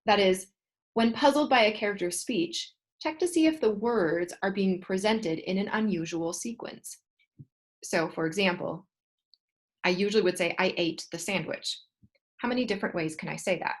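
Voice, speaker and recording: A woman teaching a class, reading a textbook passage aloud and explaining it in steady, patient asides. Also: mid-range voice, normal speed.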